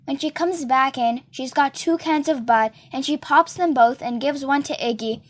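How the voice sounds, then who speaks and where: High-voiced woman reading a novel aloud. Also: moderate pace. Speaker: reader.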